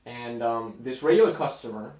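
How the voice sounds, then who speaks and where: A man co-hosting a casual podcast, telling stories with quick asides. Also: mid-range voice. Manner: animated storyteller, quick asides. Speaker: podcast co-host. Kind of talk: casual chat. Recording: roomy echo, mic at a distance.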